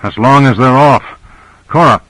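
A man voicing a calm male hero who reassures and explains in an even voice. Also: mid-range voice, moderate pace, no room sound, lightly acted, rough recording. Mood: reassuring.

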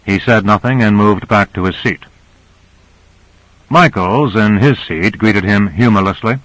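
Male narrator, measured reading, low voice, dry studio sound. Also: a bit bright, no room sound, poor audio. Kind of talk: audiobook narration.

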